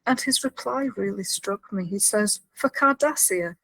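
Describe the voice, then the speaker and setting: A woman co-hosting a podcast, narrating a TV scene step by step with excited commentary. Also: mid-range voice, normal speed, vocal fry, dry recording, rough recording. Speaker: podcast co-host. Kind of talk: episode recap storytelling.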